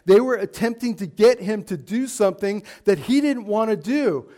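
High-voiced man preaching a sermon. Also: animated, normal speed, mellow. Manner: emphatic preaching, rhetorical questions to the congregation. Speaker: pastor. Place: church.

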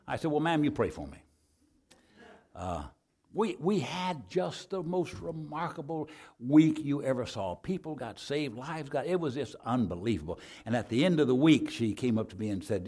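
A man from Arizona, preaching a sermon in a folksy storytelling way and easing into a soft altar call. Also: mid-range voice, animated, moderate pace.

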